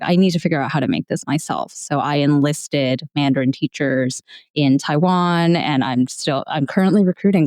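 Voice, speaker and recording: A woman's voice: sits low, darkish tone, no echo. A young adult woman from the United States, a guest on an interview podcast, talking candidly about her own experiences and laughing now and then as she tells them. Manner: candid, laughs while telling stories. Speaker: guest, founder of a language platform. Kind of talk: conversational interview answer.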